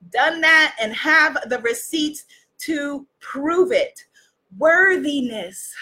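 Woman coach going live, super high voice, slow unhurried delivery, cheering and laughing, bit breathless. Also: sharp tone. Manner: exuberant, laughing often, calling out cheers. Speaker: spiritual business coach. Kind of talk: live-streamed motivational talk.

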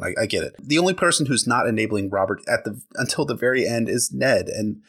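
A man's voice: on the low side, animated, fast talker, few pauses, fairly bright tone, breathy edge. A man co-hosting a podcast, talking casually and enthusiastically about a book, with loose slang and swearing. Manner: enthusiastic, casual, swears freely, says "like" a lot. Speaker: podcast co-host.

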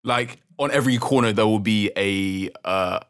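A young man with a London accent, chatting casually, slangy and quick to ask follow-up questions. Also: fairly low pitch, a bit bright, smooth. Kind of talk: casual chat.

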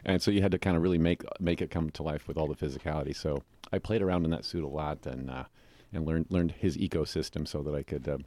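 A middle-aged American man with a very low, deep voice tells stories in a relaxed interview. He talks in an animated way and jumps into other voices when he quotes people. The sound is dry and close. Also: fast talker, dry recording. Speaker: guest, actor and mime. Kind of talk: casual interview storytelling.

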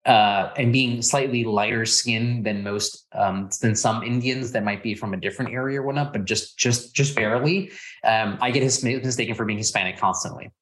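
A man's voice: mid-range voice, normal speed, a bit bright. A man from Texas, a podcast guest in casual conversation, playfully acting out exchanges with strangers. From Texas, USA. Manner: playful, acts out quoted exchanges in a raised voice.

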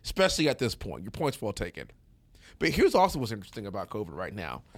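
A man co-hosting a casual political talk show, animated and quick to laugh. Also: on the low side, no room sound. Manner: animated, laughs easily, jokey. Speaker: co-host.

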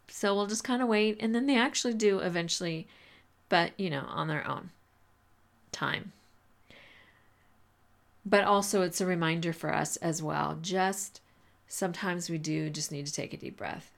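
Low gravelly-voiced woman chatting. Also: normal speed, pauses often. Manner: chatty, filler-heavy, laughs often. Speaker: podcast host coaching teachers. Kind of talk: casual advice talk.

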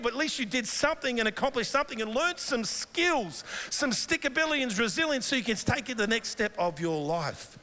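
A middle-aged Australian man preaching a sermon in a church, telling animated personal stories. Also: sits high, brisk. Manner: animated storytelling, mimics his wife in quoted dialogue. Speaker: guest pastor. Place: large church hall. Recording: long hall reverb.

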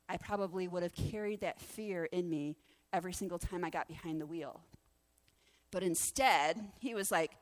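A woman pastor preaching through a lively personal story, acting out the voices of the people in it. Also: fairly low pitch, moderate pace. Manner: animated, acts out the voices in her story. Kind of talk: sermon storytelling.

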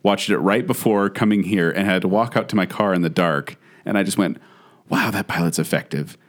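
A man's voice: low-pitched, brisk. A young man co-hosting a casual chat, easygoing and joking with his friends. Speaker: podcast co-host.

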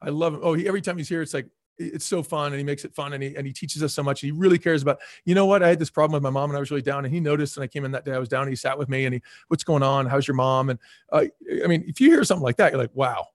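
A man's voice: on the high side, very fast, no echo, studio quality. A middle-aged man, a former restaurant chain chief, telling stories in an interview, repeating words for emphasis and acting out the voices of the people he quotes. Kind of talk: casual storytelling interview.

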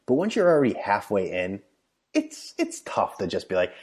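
A man's voice: low voice, sing-song, normal speed, a little mellow. An American man telling a rambling, blunt, profane story in a casual monologue, recorded on a headphone microphone. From United States.

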